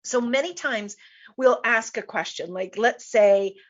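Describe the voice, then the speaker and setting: A woman's voice: fairly high pitch, unhurried, dull audio. A woman business coach hosting a live online show, speaking emphatically and repeating her key points. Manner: emphatic, repeats key phrases, laughs easily.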